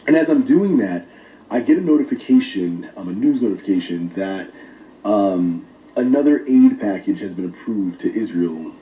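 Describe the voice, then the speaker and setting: A man's voice: lowish voice, lively intonation, moderate pace, slight background noise. A man co-hosting a podcast, asking incredulous rhetorical questions in a casual way. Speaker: co-host. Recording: dull, roomy and distant.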